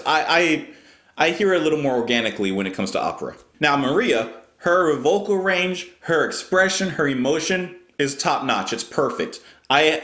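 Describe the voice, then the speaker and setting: Animated man explaining music in an echoey room. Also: mid-range voice. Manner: thoughtful, explanatory, pauses to restart. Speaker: music reaction YouTuber. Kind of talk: casual reaction commentary.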